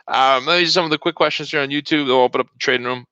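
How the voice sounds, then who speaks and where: A man's voice: mid-range voice, racing, bright, forceful tone, clean tone, no room sound. A man hosting a live market update stream, chatting casually and greeting viewers by name as he runs through prices. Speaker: day-trading host. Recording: dull lo-fi stream audio.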